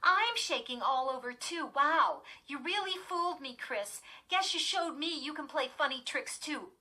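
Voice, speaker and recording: A woman's voice: high voice, animated, unhurried, sharp tone, voice pushed up, full character voice. A woman voicing a sarcastic twelve-year-old girl in a storybook reading, teasing her sister with a mocking tone.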